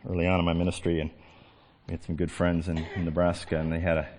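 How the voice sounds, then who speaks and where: A middle-aged man preaching a sermon as a pastor, swinging from hushed, slow phrases to emphatic, excited ones. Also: sits low, a little hiss or hum.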